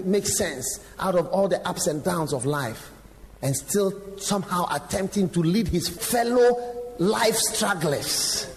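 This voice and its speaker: A man preaching a sermon in a large church hall, his fairly high voice ringing with a long reverb. He tells stories animatedly, breaks into sudden shouts and asks the congregation direct questions. Faint noise sits under the room. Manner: animated storytelling with sudden shouts and acted quotes; engaging the audience with direct questions.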